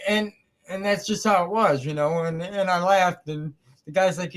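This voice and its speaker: A man's voice: high voice, moderate pace. A man with a rural Michigan accent hosting a casual interview, telling stories and acting out exchanges. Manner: chatty storyteller, animated when retelling exchanges. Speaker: podcast host.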